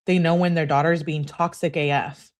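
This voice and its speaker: A woman's voice: deep voice, fairly even intonation, moderate pace. A woman giving casual, chatty true crime commentary, speaking freely with lots of "like" and blunt reactions. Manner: chatty, peppered with "like", outspoken reactions. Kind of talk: casual commentary reading text messages aloud.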